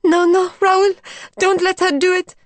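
A woman voicing a strained female spirit medium who speaks quietly, coldly, or in breathy whispers. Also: medium pitch, moderate pace, dry recording. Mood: frightened. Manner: quiet, cold and gentle by turns, breathy whispers.

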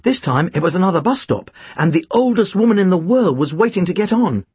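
Brief: expressive first-person narrator for a storybook, breathy, very animated. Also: medium pitch, brisk, dry recording. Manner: lively, expressive reading. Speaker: audiobook narrator.

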